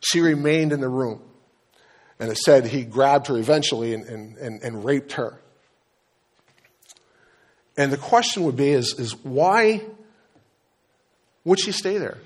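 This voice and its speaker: A man's voice: mid-range voice, a little slow, pauses often. A middle-aged man preaching as a pastor, telling stories and acting out dialogue, often restarting his sentences. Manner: storytelling preacher, acts out dialogue, frequent restarts. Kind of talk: sermon.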